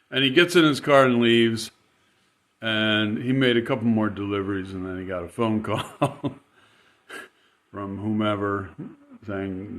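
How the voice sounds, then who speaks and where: A man's voice: fairly low pitch, a little slow, a bit bright. A man casually telling a rambling, chatty anecdote, chuckling as he goes. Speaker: storyteller.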